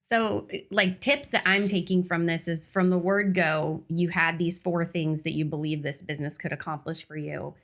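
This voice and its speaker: Woman, podcast host, sums up the guest's points, calm casual chat, slightly low voice. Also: moderate pace, hardly any pauses. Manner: reflective, sums up what the guest said.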